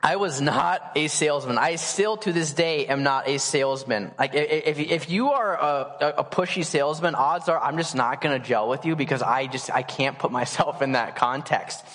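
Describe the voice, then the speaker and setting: Male pastor, late 20s, high voice, casual animated storyteller, reverb of a church hall. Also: moderate pace, hardly any pauses. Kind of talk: sermon storytelling. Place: church sanctuary.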